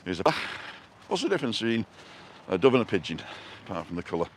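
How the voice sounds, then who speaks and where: A man with a lowish, sing-song voice talks at a quick pace while hosting a casual live walking vlog along a town street and park. He chats and greets viewers by name as he goes, with a little hiss or hum in the audio.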